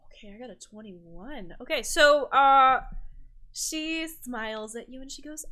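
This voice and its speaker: Gentle woman game master, higher pitch, descriptive. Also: expressive, a little slow. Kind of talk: narrating a tabletop game.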